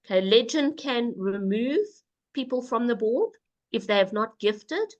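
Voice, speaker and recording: A woman walks listeners through the rules on a video call. She is brisk and instructive, and drops in playful asides. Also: a little high, animated, lo-fi sound. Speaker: presenter. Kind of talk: casual webinar presentation.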